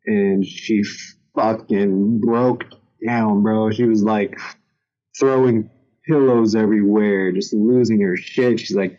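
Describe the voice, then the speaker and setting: Candid young man with a mellow voice. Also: on the low side, measured pace, lo-fi sound. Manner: candid storytelling, acts out quotes in raised voices. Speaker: podcast guest. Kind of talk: casual chat.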